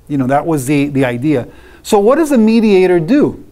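Teaching a church doctrine class, this man speaks in a high-pitched, mellow voice at a moderate pace and is very animated. His style is conversational, and he asks his listeners rhetorical questions before answering them.

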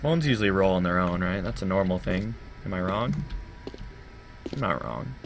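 A man doing horror game let's play commentary, babbling and swearing when scared and jumping to loud, high yelps. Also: normal speed, vocal fry. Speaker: gaming YouTuber. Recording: steady background noise.

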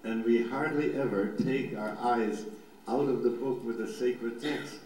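An older man in his seventies leads a meditation lecture and reads scripture in a gentle, unhurried way, leaving long pauses. His slow delivery rings through a very echoey hall, with faint noise behind it. He speaks at a middling pitch. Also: steady tone. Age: 70s. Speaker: rabbi giving a lecture. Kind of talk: guided meditation teaching and slow scripture reading.

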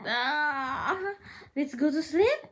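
Very high, slow sing-song baby talk from a woman. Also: expressive, fairly bright tone. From USA. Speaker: mother talking to her toddler. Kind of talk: live stream, baby talk.

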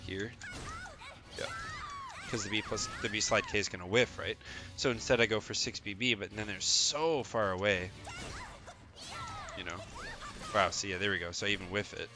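A man giving a casual fighting game tutorial, explaining moves in a relaxed way with frequent "um" and "right?" asides. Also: on the low side.

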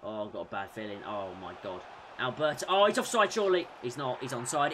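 A young man commentating on his own football video game, bursting into loud shouts at goals and sinking into muttered frustration in between. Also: mid-range voice, fairly quick, slight background noise. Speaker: gaming YouTuber. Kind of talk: excitable gameplay commentary.

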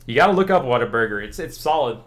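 A man's voice: mid-range voice, quick pace. A young man from Louisiana, a streamer in casual chat with his viewers, talking in a loose, rambling way with lots of "like". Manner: chatty and relaxed, answers chat questions, says "like" a lot.

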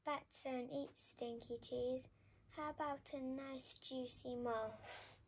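A woman voicing a kindly, gentle male bat in a storybook. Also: sits high, steady tone, slow pace, slight background noise.

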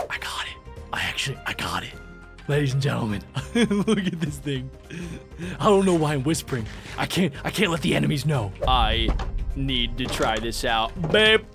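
A young man commenting on a Minecraft game as a gaming YouTuber, excitable and jokey, with sudden high yelps. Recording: game music playing clearly behind.

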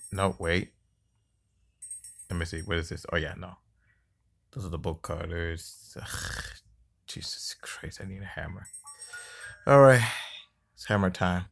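A man with a low, deep voice talks through a mobile game he is playing, in loose, casual commentary. He sounds exasperated, grumbles and curses at the game, and now and then mocks the enemy. It is picked up on a phone microphone. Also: fairly bright tone. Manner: taunts the game enemy mockingly. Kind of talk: casual let's-play commentary. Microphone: phone screen-recorder mic.

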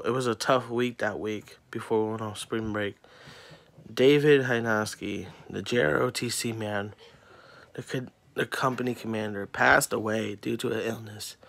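A man's voice: lowish voice, unhurried, creaky, sharp tone. Heated teenage boy ranting and swearing. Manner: profane, heated and exasperated, swearing constantly. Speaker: student venting on camera. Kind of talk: angry ranting vlog.

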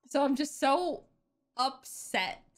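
A young woman vlogger talking through her reaction to a show, emotional and half-laughing as she works through her upset. Her voice sits high and she speaks slowly, pausing as she thinks aloud.

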